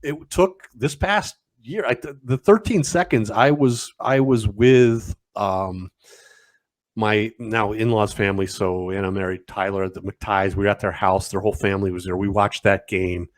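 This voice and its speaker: A middle-aged man, co-hosting a podcast and telling stories in a reflective, halting way. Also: lowish voice, no room sound. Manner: reflective, halting storyteller with restarts. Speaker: podcast co-host. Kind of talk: casual chat.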